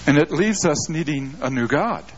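Middle-aged male preacher, fairly high voice, animated and self-mocking, muffled old recording. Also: normal speed, slight background noise. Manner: animated storytelling with self-deprecating humor. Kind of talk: sermon. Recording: dull lo-fi live sermon tape.

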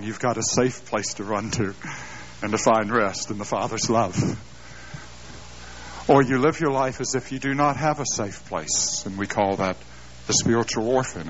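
A middle-aged man preaching a sermon, telling stories with self-deprecating humor and an animated delivery. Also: mid-range voice, slight background noise. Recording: dull lo-fi live sermon tape.

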